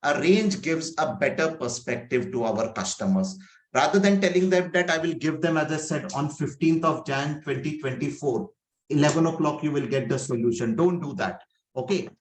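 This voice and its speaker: A man from India with a fairly high voice leads an online coaching session over a video call. He talks loosely, full of fillers, and keeps asking the group rhetorical questions. The sound carries a noticeable room echo. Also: expressive, normal speed, slight background noise. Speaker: agile coach.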